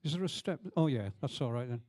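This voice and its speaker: A man's voice: mid-range voice, quick pace, darkish tone. A man hosting a live show, chatting and teasing the audience before introducing the act. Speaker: event host.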